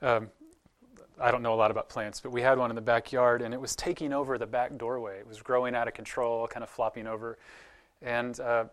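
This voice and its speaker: A man's voice: mid-range voice, level tone, brisk. A male pastor giving a sermon in a conversational, earnest way, often putting questions to the congregation.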